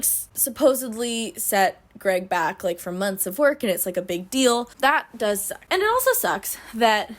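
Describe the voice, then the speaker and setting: A young adult woman recapping a book in a casual, comedic way, sarcastic and swearing in exasperated rants. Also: medium pitch. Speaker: book reviewer.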